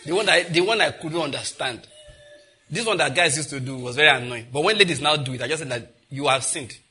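Bold pastor leading declarations. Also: male voice, fairly high pitch, brisk, sharp tone, slightly rough. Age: adult, married. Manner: bold, humorous, leads the crowd in repeated declarations. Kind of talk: sermon with call-and-response declarations.

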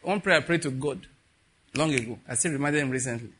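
A man preaching a sermon, telling stories with quiet asides that build to emphatic peaks. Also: medium pitch, fast talker, a little hiss or hum. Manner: storytelling with soft asides and rising emphatic peaks.

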